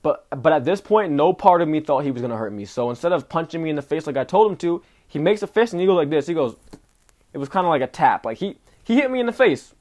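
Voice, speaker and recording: A young man vlogging, telling a story in a casual, animated way with lots of slang. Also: a little high, fast. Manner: animated, slangy, says "bro" often. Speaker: travel vlogger.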